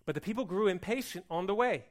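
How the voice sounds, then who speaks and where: Male pastor, high voice, dramatic sermon delivery, acts out the complaints in a whiny tone. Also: fast. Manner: animated preaching, swings from loud to hushed; plays out the people's complaints in a whiny voice.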